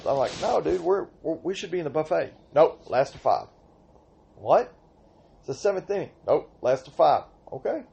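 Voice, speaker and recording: An older man hosting a podcast, telling softball stories in an exasperated, ranting way with sudden outbursts. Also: medium pitch. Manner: exasperated storytelling, rhetorical outbursts. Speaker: podcast host and senior softball player. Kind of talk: casual podcast rant.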